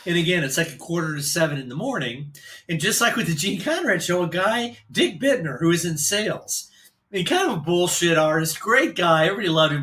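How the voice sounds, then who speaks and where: A man's voice: a little high, bright, forceful tone. An older man from Illinois telling a long personal story in a casual, rambling way, with profane asides. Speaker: vlogger and storyteller.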